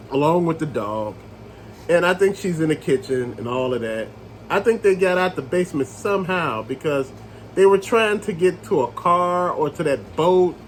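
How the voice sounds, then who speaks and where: A man reviewing a movie in a casual rant, retelling scenes with animated storytelling and calling his viewers family. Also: high-pitched, slight background noise, low-quality recording.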